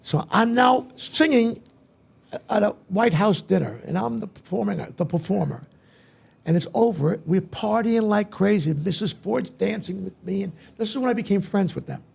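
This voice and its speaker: Older male guest, gravelly and husky, high lively storyteller who jumps into other people's voices. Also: normal speed. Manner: acts out quoted voices with big pitch swings. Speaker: interview guest, veteran entertainer. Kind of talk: animated storytelling in an interview.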